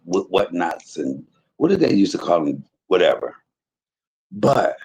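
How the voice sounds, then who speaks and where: Gravelly low-voiced man testifying. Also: darkish tone, poor audio. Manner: emphatic, preachy storytelling with religious exclamations. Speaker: live streamer talking to viewers. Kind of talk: casual spoken testimony to a live chat.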